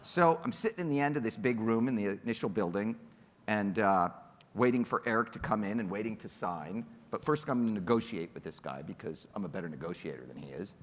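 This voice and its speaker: A man telling an animated, self-mocking story on a panel and acting out the quotes. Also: lowish voice, a little fast, big-room sound, slight background noise.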